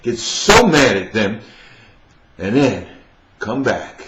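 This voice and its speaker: A man's voice: on the low side, very animated, slow, long pauses, fairly bright tone, roomy sound, muffled recording. A man giving a fired-up motivational monologue as a life coach, emphatic and preaching.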